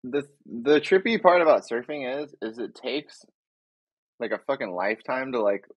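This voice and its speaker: Laid-back young man, husky voice. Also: medium pitch, expressive, normal speed, no echo, muffled recording. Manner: laid-back, loose, full of fillers and laughs. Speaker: guest, big wave surfer. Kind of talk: casual interview chat.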